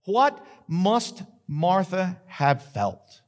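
A man's voice: high-pitched, very animated, drawn-out words. A male pastor, preaching a sermon that retells a story dramatically and builds to emphatic questions.

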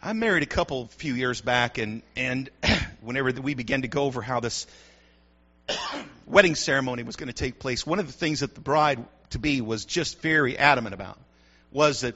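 A man's voice: medium pitch, animated, moderate pace, bright, forceful tone. A middle-aged man, a pastor, preaching a sermon with call-and-response asides to the congregation. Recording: dull lo-fi sound.

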